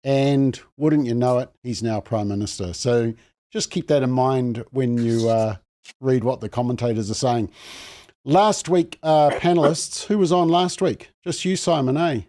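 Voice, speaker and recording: A man's voice: medium pitch, measured pace, dark tone. A man hosting a panel show, chatty and self-mocking, with lots of fillers. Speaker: host.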